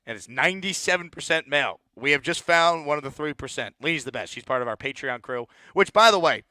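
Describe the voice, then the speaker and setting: Male call-in sports host, bright forceful voice, dry close mic, blunt and fired up. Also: on the high side, dry recording. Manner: blunt, fired-up, repeats words when heated. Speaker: sports talk show host. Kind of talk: postgame call-in show rant.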